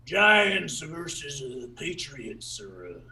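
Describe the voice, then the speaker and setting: A man doing an absurdist stand-up bit at an open mic, rambling and repeating himself in broken folksy grammar, with halting fillers and sudden shouted bursts. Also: on the high side, sing-song, vocal fry, recorded from a distance, rough recording.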